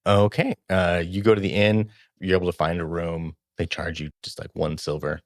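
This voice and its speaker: A man's voice: deep voice, level tone, normal speed, no echo, studio quality. A man narrating as game master in a loose, laughing, casual way.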